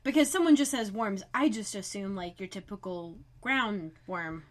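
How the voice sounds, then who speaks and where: A woman's voice: medium pitch, normal speed. Casual woman podcast co-host. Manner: relaxed storytelling, narrates plot beats. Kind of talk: casual recap chat.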